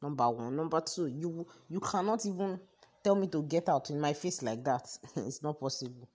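Low-voiced Nigerian woman telling a story. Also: normal speed, breathy edge. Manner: chatty, animated, exasperated storyteller. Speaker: podcast host. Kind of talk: casual storytelling.

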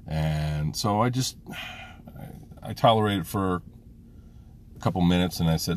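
A man's voice: deep voice, a little slow, long pauses, a little hiss or hum. A middle-aged man and father talking through a frank, rambling personal monologue, swearing freely. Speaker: vlogger, father.

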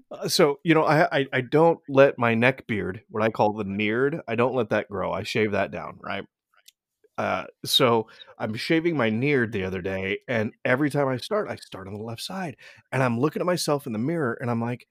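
Animated profane man in his forties. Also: medium pitch, moderate pace, dry recording, studio quality. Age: 40s. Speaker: podcast co-host. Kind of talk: casual chat.

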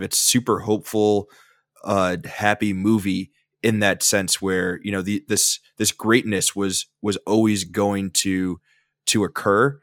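A man's voice: on the low side, fairly bright tone, dry recording, studio quality. A man hosting a casual podcast discussion about a film, rambling with fillers and restarts. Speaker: podcast host.

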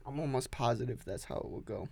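A young man runs a solo podcast while standing with a coffee, talking fast, rambling, swearing and repeating himself. His medium-pitched voice is gravelly, husky and mellow, with no room sound.

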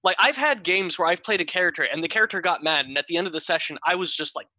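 A woman's voice: fairly low pitch, lively intonation, fast talker, sharp tone, dry recording. A woman chatting casually about playing tabletop role-playing games. She often repeats words as she starts a thought. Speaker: tabletop game player. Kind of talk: casual podcast chat.

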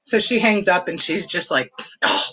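A woman's voice: lowish voice, animated, normal speed, bright, forceful tone, breathy edge, poor audio. A woman casually telling a nostalgic family story, rambling with lots of fillers and laughs. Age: adult. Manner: fond, nostalgic recollection.

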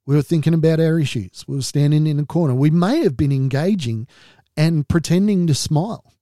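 An Australian podcast host speaks candidly and earnestly about his own experience in a personal monologue, with a wry edge. His voice is on the high side and warm, a little fast, in a dry studio-quality recording.

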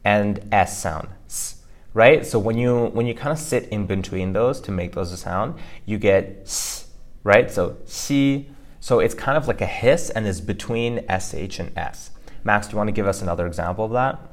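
Speaking at normal speed in a lowish voice, a man co-hosts an informal language-lesson podcast. As the teacher, he walks through pronunciation loosely, using fillers and starting over now and then.

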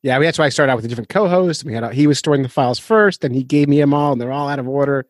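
A man's voice: medium pitch, rapid-fire, no room sound. A man hosting a fishing podcast in a casual, rambling, self-deprecating way, laughing often. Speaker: podcast host.

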